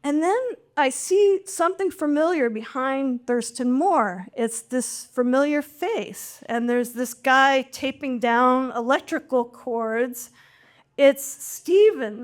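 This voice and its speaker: A middle-aged woman with a high voice tells a personal story live on stage. She is wry and animated, and she pokes fun at herself as she goes. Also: slow pace. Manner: wry, animated, self-mocking.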